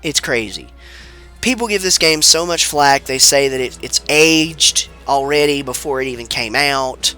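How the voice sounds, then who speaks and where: A man's voice: mid-range voice, lively intonation, a little slow, pushed and bright, faint music behind. A man with a sick-sounding voice, giving laid-back, rambling commentary over a video game, swearing casually. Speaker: let's play commentator.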